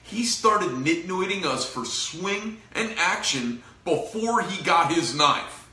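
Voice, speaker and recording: Middle-aged guy who runs a knife shop, ranting and cursing to camera, bright punchy voice. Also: high-pitched, lively intonation, slow, reverberant. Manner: profane, frustrated, rambling. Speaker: knife company owner. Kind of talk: casual venting to camera.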